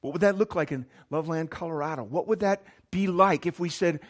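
A man's voice: a little high, brisk, few pauses. Earnest male pastor preaching a sermon. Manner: earnest, swings from emphatic to hushed.

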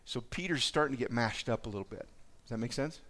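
A man's voice: medium pitch, animated, fast talker, fairly bright tone. A man preaching a sermon, reading scripture aloud and reflecting on it in a conversational way. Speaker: pastor.

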